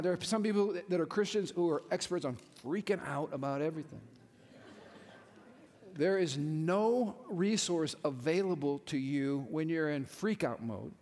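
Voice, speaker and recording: A male pastor preaching a sermon with animated delivery, acting out little voices as he teaches. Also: high voice. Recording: reverberant hall.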